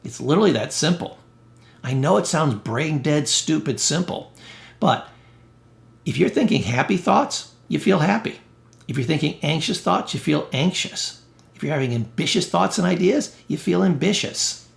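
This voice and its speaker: A man gives a motivational self-help talk as a therapist, blunt and emphatic with a salty sense of humor. His voice sits a little high and has a gravelly, fry-edged texture. The recording has a noticeable roomy echo. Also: lively intonation, moderate pace. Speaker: therapist and educator.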